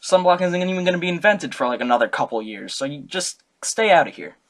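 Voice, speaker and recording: A young man voicing a brash, cranky old male philosopher who mocks and shouts his complaints in a comic history talk. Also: a little high, expressive, quick pace, pitched above the performer's own voice.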